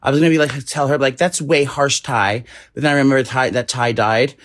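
A man in his thirties rattles off a gossipy story at a quick clip. He co-hosts a casual podcast and keeps slipping into other people's voices as he tells it. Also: mid-range voice, steady tone. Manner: rapid gossipy storytelling, acts out quotes. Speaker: podcast co-host.

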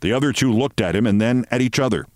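A man hosting a show, reading a story aloud in a measured, expressive way. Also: mid-range voice, dry recording, clean studio sound. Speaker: host.

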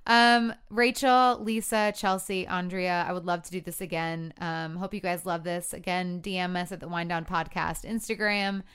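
A woman in her thirties hosts a podcast in easy, giggly chat. Her voice is crisp and clear, recorded on a studio mic. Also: on the low side, fairly even intonation, normal speed, few pauses, fairly bright tone. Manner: giggly, chatty storyteller. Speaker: podcast host. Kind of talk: casual chat with friends.

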